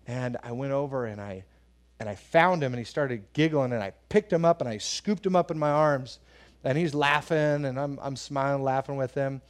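A man with a mid-range voice speaks at normal speed, preaching a sermon in a conversational way. The pastor tells personal stories, acts out voices when quoting people, and asks the congregation questions.

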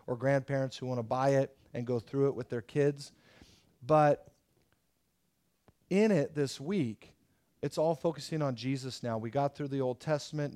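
A middle-aged man preaching a sermon as pastor, telling stories in an animated way. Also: fairly high pitch. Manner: animated storytelling with acted quotes.

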